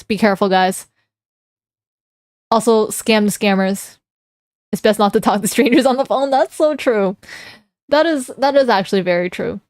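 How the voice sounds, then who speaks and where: A woman's voice: medium pitch, no echo, studio quality. A young woman streamer chatting casually with her live chat, giggling and reading comments aloud before reacting to them.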